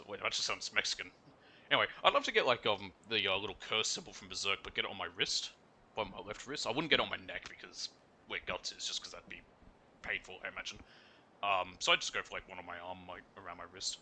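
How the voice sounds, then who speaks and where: A man's voice: sits low, fast talker, pushed and bright, a little hiss or hum. A young man giving rambling, chatty commentary while streaming a game, with lots of fillers and restarts. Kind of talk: casual gameplay commentary.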